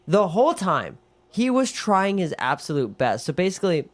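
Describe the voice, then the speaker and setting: A man co-hosting a podcast tells a film's story in a loose, casual way. He keeps it animated, swearing often and acting out the lines of the characters as he goes. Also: sits high, normal speed. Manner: animated retelling with swearing and acted quotes. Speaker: podcast co-host. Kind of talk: casual chat recapping a film.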